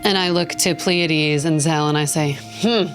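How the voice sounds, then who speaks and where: Low-voiced female player, hesitant in-character lines, faint music. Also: steady tone, moderate pace. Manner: hesitant, restarting her lines. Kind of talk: in-character tabletop play.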